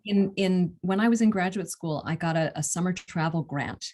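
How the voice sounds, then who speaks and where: Woman, actor and narrator, from the US, lower voice, enthusiastic storyteller. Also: darkish tone. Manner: enthusiastic storyteller with quick restarts and laughs. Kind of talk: interview answers.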